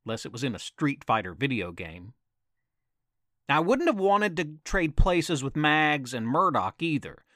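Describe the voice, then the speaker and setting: A man's voice: medium pitch, a bit bright, no echo, clean studio sound. A man telling a campfire story as a podcast storyteller, dramatic and teasing, with asides to his listeners.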